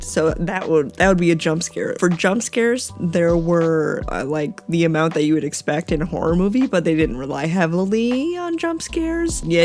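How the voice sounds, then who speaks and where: A woman's voice: low voice, a little mellow. Chatty scattered woman vlogger. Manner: chatty, scattered, quick to laugh. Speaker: vlogger reviewing a film. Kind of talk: casual chat.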